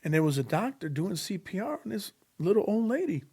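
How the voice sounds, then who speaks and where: A man with a fairly high speaking voice tells a personal faith story in an earnest, preacherly way. He slips into the voices of the people he quotes and leans into the lessons he draws. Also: big pitch swings, brisk, mellow, breathy edge. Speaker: podcast guest sharing testimony. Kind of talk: storytelling testimony in casual conversation.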